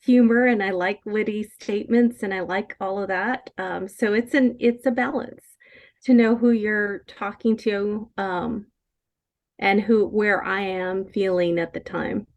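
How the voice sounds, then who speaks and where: A woman on a video call sharing thoughtful reflections, pausing to search for words. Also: medium pitch, steady tone. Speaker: game participant.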